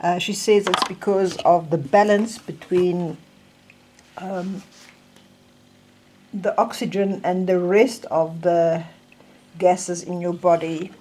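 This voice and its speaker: An older woman with a South African accent talks slowly through her recovery tips, holding up things as she explains them. Her voice sits a little low and has a soft, mellow tone. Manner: slow, chatty, demonstrating objects. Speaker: vlogger sharing recovery tips. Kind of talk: casual show-and-tell.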